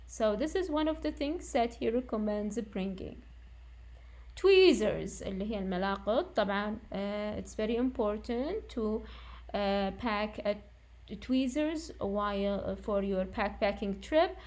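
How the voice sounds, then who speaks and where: A woman's voice: medium pitch, lively intonation, moderate pace, a little mellow. A woman teaching an English lesson, explaining and correcting herself as she goes.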